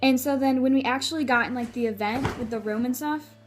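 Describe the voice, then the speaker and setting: Brief: young female vlogger, high voice, excited rambling storyteller, faint music under. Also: a little fast. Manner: gushing, many filler "like"s. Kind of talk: casual storytelling vlog.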